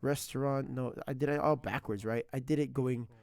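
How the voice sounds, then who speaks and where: A man chatting casually on a stream while learning a language, rambling and excitable, laughing often and using slang. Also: mid-range voice, a little fast, gravelly.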